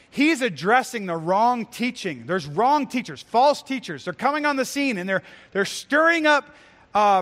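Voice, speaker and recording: High-pitched preacher guy, earnest and emphatic, echoey big church hall. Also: fairly bright tone. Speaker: pastor. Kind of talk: sermon.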